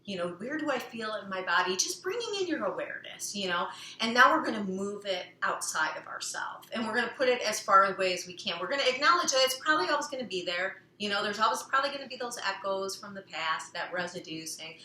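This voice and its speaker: A woman gives a casual self-help talk, rambling along with many fillers. Her voice is bright and forceful, and she sometimes sings a phrase playfully. The room adds a noticeable echo. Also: mid-range voice, lively intonation, fairly quick, a little hiss or hum. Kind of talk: casual personal talk on healing. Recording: echoey room.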